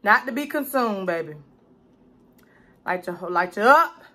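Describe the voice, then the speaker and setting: A woman with a mid-range, expressive voice speaks at a measured pace over a faint hiss or hum. She's a cooking vlogger doing a casual mukbang, loud, salty and profane, chatting away and calling the viewer "baby" as she eats and comments.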